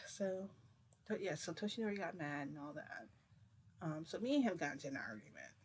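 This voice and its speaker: A woman recounts a long story in loose, casual speech, stumbling over restarts and packing in fillers. She keeps her voice low and hushed. A faint background hiss sits under her voice. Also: sing-song, a little fast. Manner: rambling, filler-heavy retelling with many restarts; speaks low to keep quiet. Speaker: storytime vlogger.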